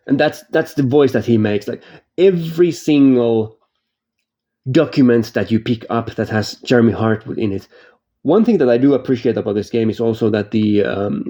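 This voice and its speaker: A man's voice: mid-range voice, warm tone. A man who is not a native English speaker, casually reviewing games, rambling and restarting his sentences and laughing easily. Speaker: game reviewer. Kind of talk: casual spoken game review.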